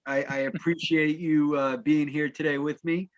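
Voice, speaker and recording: A man's voice: on the high side, flat delivery, moderate pace, lo-fi sound. A man hosting a live sports talk show, bantering with his co-host in a playful, mock-formal way.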